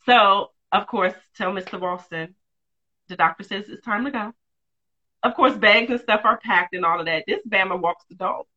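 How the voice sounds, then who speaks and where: A woman, a mother of two, telling a personal story in a candid, lively, casual way with quick asides. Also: medium pitch, muffled recording. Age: adult, mother of two.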